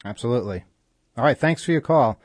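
Male call-in radio host, middle pitch, earnest and halting, dry studio sound. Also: lively intonation, no echo. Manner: earnest, with frequent halting fillers. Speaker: radio talk show host. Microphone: studio microphone.

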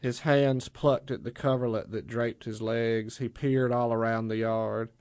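A man narrating an audiobook story in a measured, deliberate way. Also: mid-range voice, steady tone, darkish tone, no room sound, clean studio sound.

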